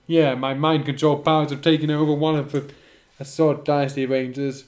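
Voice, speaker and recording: A man with a fairly high, level, darkish voice, speaking at normal speed, reads fan fiction aloud. As reader and commentator he keeps interrupting the story with sarcastic, wry remarks about the writing.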